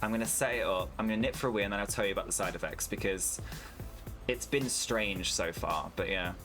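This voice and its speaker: A man's voice: on the low side, a little fast, over music. A British man streaming a farming game, chatting candidly and swearing freely with his viewers while he plays. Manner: candid, sweary, talks to chat while playing. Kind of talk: casual gaming stream chat.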